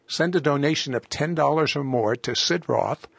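An older man hosting a radio interview and reading out offers and contact details briskly. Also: vocal fry, slightly rough, no room sound. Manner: brisk, pitch-reading announcer. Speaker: host.

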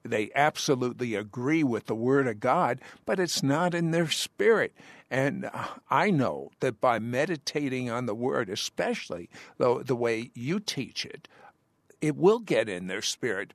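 A man's voice: mid-range voice, big pitch swings, unhurried, no echo. Man hosting a Christian talk show. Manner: conversational, affirming questions. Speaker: host.

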